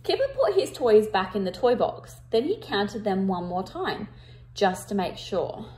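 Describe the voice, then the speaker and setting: A woman reading a picture book aloud to children, with expressive emphasis, and pausing to ask her listeners questions. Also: medium pitch. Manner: interactive, asks the listeners questions.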